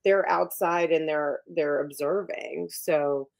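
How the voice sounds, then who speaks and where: A woman's voice: deep voice, steady tone, slow, gravelly, darkish tone. A middle-aged woman executive coach, a guest on a podcast, who talks emphatically with many fillers and restarts. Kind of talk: podcast interview.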